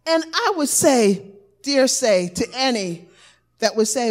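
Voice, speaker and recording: Woman preacher, high and very animated, slow delivery, builds to shouted exhortation. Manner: rises to shouted exhortation, call-and-response cadence. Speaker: elder preaching. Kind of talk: sermon.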